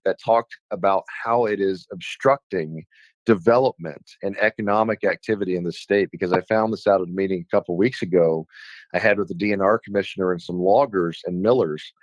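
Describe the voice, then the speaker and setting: A man from Alaska speaks as a legislator guest on a radio talk show, his voice on the low side. He talks heatedly and with emphasis, venting his frustration. The sound is dry and close, with no room around it. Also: a little fast, no echo, poor audio.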